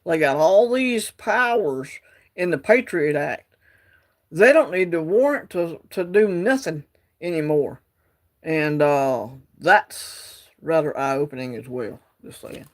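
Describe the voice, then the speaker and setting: A man's voice: a little high, animated, slow pace. A man hosting a casual livestream from his phone, rambling and reading out the chat. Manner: rambling, drawling, reads chat aloud. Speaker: livestream host.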